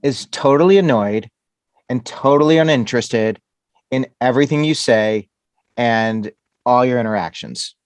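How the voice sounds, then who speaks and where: A man's voice: medium pitch, moderate pace, no room sound. Man asking a direct question. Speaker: host. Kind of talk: interview question.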